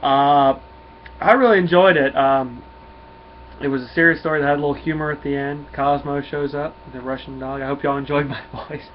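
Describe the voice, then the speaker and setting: A man, reviewing a comic book in a relaxed, folksy way. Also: a little high, normal speed. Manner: relaxed, folksy, many fillers. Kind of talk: casual comic review and read-through. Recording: dull lo-fi with faint hum.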